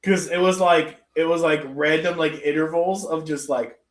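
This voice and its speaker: A man with a fairly high voice retells a story in loose, profane chat, laughing as he goes. He sits back from the mic, so his voice comes through distant and echoey. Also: fairly even intonation, normal speed. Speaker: podcast co-host. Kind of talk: casual chat.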